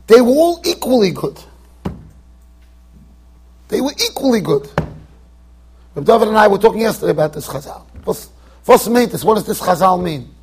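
In a yeshiva study hall, a man with an unusually high, husky voice gives a Torah class. He lectures emphatically, fires rhetorical questions at his audience and keeps returning to the same phrases, often tripping into quick restarts as his argument takes shape.

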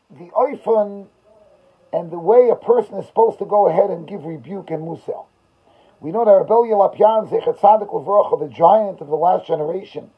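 Raspy rabbi in a fervent sermon. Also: male voice, sits high. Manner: swings from loud emphasis to hushed, tearful retelling. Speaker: rabbi giving a Torah class. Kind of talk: emotional sermon storytelling. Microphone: video call. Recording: dull lo-fi video call audio.

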